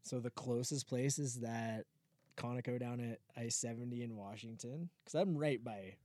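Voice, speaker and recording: Man, casual podcast chat, easygoing and wry, mellow dark tone, dry close mic. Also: medium pitch, moderate pace, no echo. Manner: easygoing, chatty storyteller with sarcastic asides. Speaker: podcast co-host, drone videographer.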